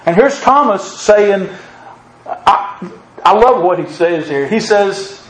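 A man's voice: high voice, expressive, takes it slowly, roomy sound, low-quality recording. A man preaching a sermon, quoting scripture with an emphatic, rising cadence.

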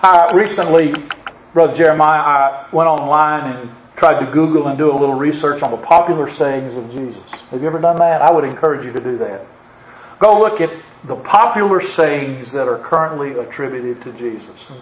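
A man's voice: fairly high pitch, normal speed, reverberant, muffled recording, slight background noise. A man preaching a sermon, quoting scripture with an emphatic, rising cadence.

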